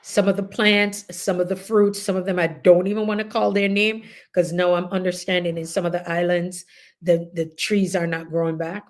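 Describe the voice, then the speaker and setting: A woman's voice: fairly low pitch, moderate pace. A middle-aged woman with a Jamaican accent, chatting casually as host and telling stories with laughter. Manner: animated, laughing, chatty storytelling. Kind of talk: casual group chat.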